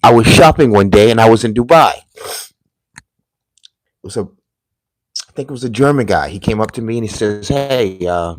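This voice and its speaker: A man's voice: lowish voice, normal speed, long pauses, no echo, poor audio. A man from the United States giving a casual commentary monologue, telling rambling, emphatic stories.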